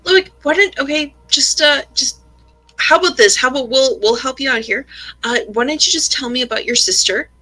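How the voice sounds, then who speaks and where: A woman player speaking in character, polite and tactful with hesitant pauses. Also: sits high, pushed and bright. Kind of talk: in-character tabletop role-play.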